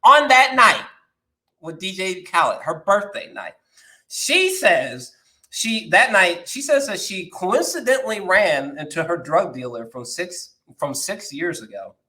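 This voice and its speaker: A man giving a casual, excitable film review, laughing a lot, swearing and repeating himself in slangy talk. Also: sits high, unhurried.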